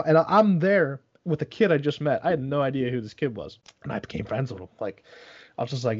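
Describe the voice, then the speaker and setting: A man's voice: mid-range voice, quick pace. Young man, casual storytelling, rambling, swears a lot, muffled lo-fi sound. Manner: rambling, profane, heavy on fillers. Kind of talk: casual chat.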